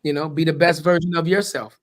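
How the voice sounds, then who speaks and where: A man's voice: on the high side, flat delivery, a little fast, fairly bright tone. A man hosting a podcast, talking frankly and casually, swearing freely.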